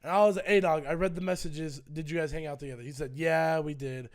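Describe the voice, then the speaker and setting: A young man tells a personal story on his stream, and his voice sits fairly high for a man. He acts out both sides of the scene in a loose, animated way and swears often. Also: quick pace, hardly any pauses. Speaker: streamer and co-host.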